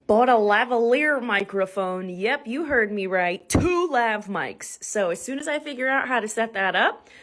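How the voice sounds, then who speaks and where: A woman's voice: fairly high pitch, lively intonation, normal speed, fairly bright tone. Blunt, unfiltered woman talking to camera. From southern Louisiana, USA. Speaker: content creator and comedian. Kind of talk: casual comedic monologue.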